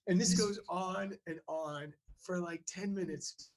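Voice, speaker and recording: A man's voice: high-pitched, measured pace. A man telling an anecdote as a talk-show guest, rambling with many fillers and restarts. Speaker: actor telling a story as a guest.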